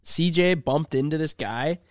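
Young man, casual storyteller, smooth clear voice, dry close sound. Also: fairly high pitch, measured pace, no echo. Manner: laid-back storyteller, acts out quotes. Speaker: YouTuber. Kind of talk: casual podcast chat.

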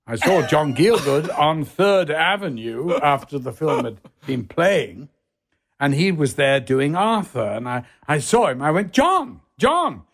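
A theatrical man spins a bawdy anecdote with a voice that sits a touch high and leaps all over the place. He jumps in and out of other people's voices and swears without a second thought, like a guest who loves the telling more than the tale. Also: animated, unhurried, creaky. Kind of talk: anecdotal storytelling.

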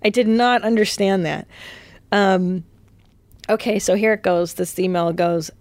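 A woman hosts her own podcast, talking off the cuff and rambling from one thought to the next. Her voice sits at an ordinary middle pitch, and the sound is dry and close, with hardly any room around it. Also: measured pace, dry recording. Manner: rambling, chatty, swearing, fillers and restarts. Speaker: podcast host. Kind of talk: casual solo podcast monologue. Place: hotel room.

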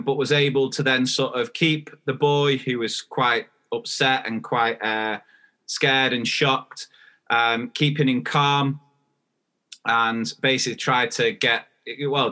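A man's voice: mid-range voice, sharp tone. A man co-hosting a teachers' podcast, chatting casually in a rambling way with lots of restarts. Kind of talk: casual chat.

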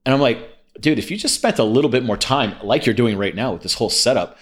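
Young male guest, rapid-fire and blunt, curses casually, plain mid-range voice. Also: mid-range voice, animated. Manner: blunt, swears freely, quotes himself. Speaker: podcast guest, copywriter. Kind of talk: casual chat.

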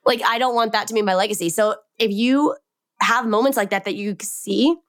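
A young woman co-hosting a podcast, chatting casually in a warm-hearted way with many "like" fillers. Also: fairly high pitch, brisk. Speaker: podcast co-host.

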